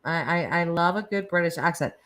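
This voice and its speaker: A woman with a Northeastern American accent hosts a laid-back live chat. Her voice sits low for a woman. She rambles happily, full of "like," "you know" and little laughs. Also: brisk, a bit bright. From Northeastern United States. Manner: chatty and rambling, frequent "like" and laughs. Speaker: host of live chat stream. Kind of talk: casual live-stream chat with viewers.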